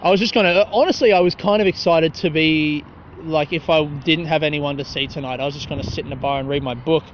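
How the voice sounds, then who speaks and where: A young man with a fairly high voice speaks quickly into his phone while hosting a rambling solo podcast on a city street at night. Profane and self-mocking, he laughs at his own jokes. Street noise, faint traffic and passers-by, colors the dull phone recording.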